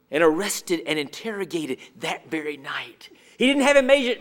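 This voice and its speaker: High-voiced male preacher, emphatic. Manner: rhetorical questions, swinging from emphatic to hushed. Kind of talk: sermon.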